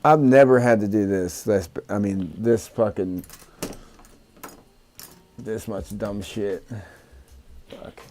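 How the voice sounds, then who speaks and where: A man's voice: on the low side, slow, pauses often, a little mellow. A man vlogging about his drone hobby as he works, frustrated, swearing and muttering to himself. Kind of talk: casual talk while working.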